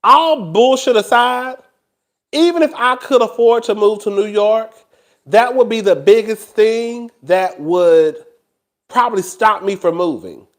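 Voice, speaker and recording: A man talks casually to camera as a host. His delivery is animated and gossipy, full of laughter and asides to the listener. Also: high voice, a little slow. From Houston, Texas. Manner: animated and gossipy, laughs often, addresses listeners as "girl" and "child".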